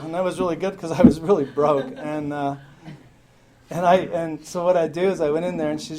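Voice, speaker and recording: On a hissy amateur meeting tape, a Salt Lake City man in middle age shares his recovery at an AA gathering, candid, full of swearing, and quick to laugh at his own expense. He talks at normal speed in a slightly high voice with fairly even intonation while a crowd murmurs behind him.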